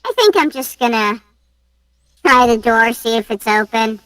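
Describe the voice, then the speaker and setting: A woman's voice: on the high side, expressive, a little slow, fairly bright tone, no room sound. A woman playing her character in a tabletop game, playfully describing actions. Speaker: player. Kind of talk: tabletop role-play.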